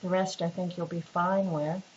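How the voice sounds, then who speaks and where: A woman's voice: on the low side, little pitch movement, normal speed, a little mellow. A woman instructor giving a casual, patient recorded lecture with many fillers and restarts. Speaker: literature instructor. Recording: dull lo-fi recording with faint hiss.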